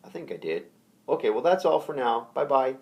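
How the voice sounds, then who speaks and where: A man teaching ukulele patterns in a relaxed, hesitant way, counting the beats aloud. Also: mid-range voice, fairly quick, muffled recording. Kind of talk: casual music lesson. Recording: ukulele music under the voice. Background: ukulele playing.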